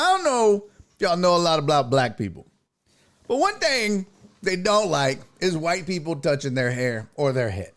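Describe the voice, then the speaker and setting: A man hosting a sports talk show, telling a story in a casual, profane way and laughing often. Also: fairly high pitch.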